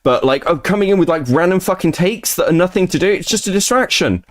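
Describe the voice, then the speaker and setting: A man's voice: high-pitched, animated, fast. A man streaming live, ranting casually and profanely about online drama.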